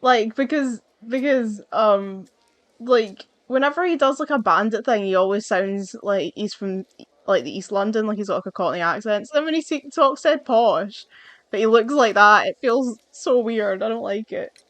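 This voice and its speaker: A woman's voice: mid-range voice, animated, normal speed, fairly bright tone, no room sound. A woman giving casual let's-play commentary, chatty and wry, musing aloud as she plays. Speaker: gamer playing through a game.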